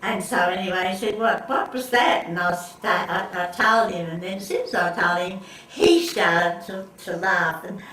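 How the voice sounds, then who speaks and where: A woman's voice: on the low side, lively intonation, moderate pace, hardly any pauses, a bit bright. Giggly older woman in an echoey room. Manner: rambling, giggly, with many restarts. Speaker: interviewee. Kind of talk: casual family storytelling. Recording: echoey room, recorded from far off, faint background noise.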